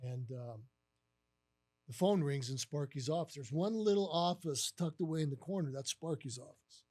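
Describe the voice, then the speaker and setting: A man in his sixties, a former baseball catcher appearing as a guest on a live podcast, speaks at a moderate pace in a voice on the high side. He's an animated storyteller, spinning a long tale, acting out the other voices, and filling it with plenty of "you know" and "uh."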